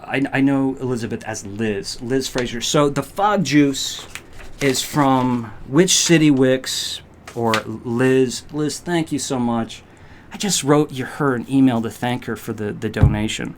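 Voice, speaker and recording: A man hosting a live-stream unboxing, talking in a rambling, halting way with many fillers and growing emotional. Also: medium pitch, slight background noise. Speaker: candle channel host.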